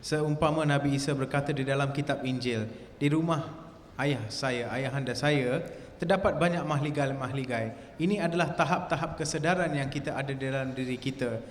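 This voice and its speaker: A man interpreting a spiritual lecture live for an audience, fluent and steady. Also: a little high, a little hiss or hum. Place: hall with an audience. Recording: echoey hall recording.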